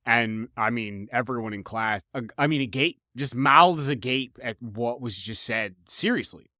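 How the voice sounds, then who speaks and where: There's a clean studio sound with no room tone as this young podcast host talks at a measured pace in a medium-pitched voice. He swears a lot, repeats and restarts himself, and keeps the comedic storytelling casual and animated.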